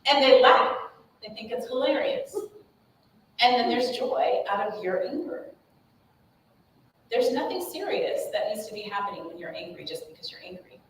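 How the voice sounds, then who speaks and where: Woman guest speaker, animated parenting talk, far from the mic in a very echoey hall. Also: fairly high pitch, moderate pace, pauses often. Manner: animated, acts out examples with nonsense sounds. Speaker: guest speaker on child behavior. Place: school room with audience. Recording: echoey room, voice from far off, faint noise.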